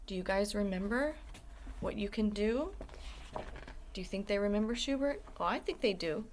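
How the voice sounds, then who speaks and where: An elementary school guidance teacher with an animated, mid-range voice reads a picture book to young children at normal speed, with a little hiss or hum audible. Warm and encouraging, she asks the kids questions.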